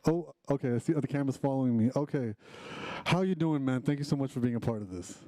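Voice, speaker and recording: Male host of a live online talk. Very dark, mellow tone, dry close sound, upbeat and chatty. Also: mid-range voice, quick pace, no room sound. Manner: upbeat, chatty, with frequent restarts. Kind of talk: casual live hosting.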